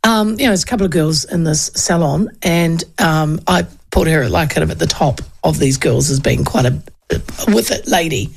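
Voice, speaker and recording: A woman's voice: deep voice, normal speed, vocal fry, breathy edge. A New Zealand woman in her fifties hosting a radio talk show, chatting casually and rambling through political polls with frequent ums and asides. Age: 50s.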